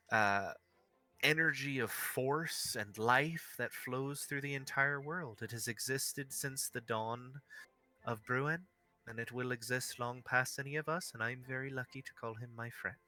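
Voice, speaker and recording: A man voicing a gentle sorceress. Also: medium pitch. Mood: reverent. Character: calm wise female sorceress, tender to her cauldron.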